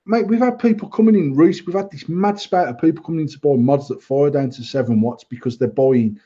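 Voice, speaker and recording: Blunt sweary man, dark husky voice. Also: on the high side, a little fast, lo-fi sound. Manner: blunt, sweary, laughs often. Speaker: vape shop owner and podcast host. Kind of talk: casual podcast chat.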